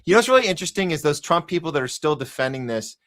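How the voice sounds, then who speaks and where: A man's voice: on the high side, sing-song, very fast, a bit bright. A man hosting a live news commentary podcast, ranting sarcastically and talking to his chat audience. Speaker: podcast host.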